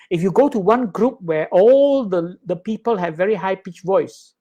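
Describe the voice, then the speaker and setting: A man teaching in a live Dhamma talk, conversational and animated, often checking in with his listeners. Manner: animated, acts out high and low sounds with his voice. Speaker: Buddhist teacher.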